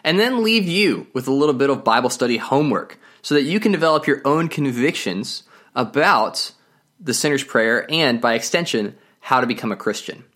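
A man's voice: mid-range voice, lively intonation, normal speed, a bit bright. A man hosting a podcast as a Bible teacher, talking in an upbeat, chatty way and laughing easily. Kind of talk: casual podcast talk.

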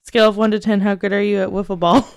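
A young woman guesting on a podcast, answering quick questions bluntly and playfully and giggling often. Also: medium pitch, fairly even intonation, smooth, dry recording, clean studio sound. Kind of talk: casual chat, quick-fire answers.

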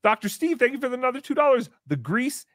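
A man hosting a casual live show, excitably chatting and reading out viewer messages. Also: very high voice, quick pace, dry recording, studio quality. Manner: excitable, reads out paid messages. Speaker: show host.

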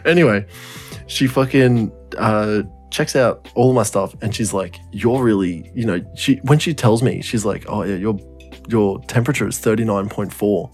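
A man's voice: lowish voice, normal speed, darkish tone, soft background music. A young man telling a story in casual podcast chat, rambling, swearing often and laughing through it. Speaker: podcast co-host.

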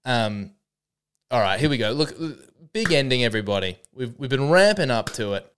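Brief: male comedian, mid-pitched, animated, rambling and self-deprecating. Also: normal speed, a little hiss or hum. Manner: rambling, self-mocking, restarts and asides. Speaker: comedian podcast host. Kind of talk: solo comedy podcast rant.

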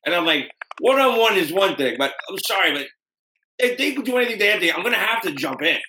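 A man hosting a podcast, telling stories in a rambling, animated way. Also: high-pitched, fast. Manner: rambling, animated storyteller doing voices. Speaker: podcast host. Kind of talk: casual podcast interview. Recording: echoey room with faint noise.

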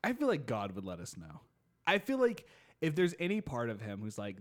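A man's voice: mid-range voice, sing-song, fast. A young man co-hosting a podcast in casual chat, laid-back, laughing often and swearing as he acts out quotes. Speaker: podcast co-host.

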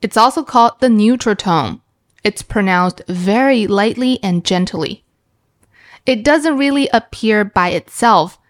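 A woman teaching beginners Mandarin, explaining slowly and clearly and demonstrating each tone aloud. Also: medium pitch. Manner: slow and clear, demonstrating sounds with sung tones.

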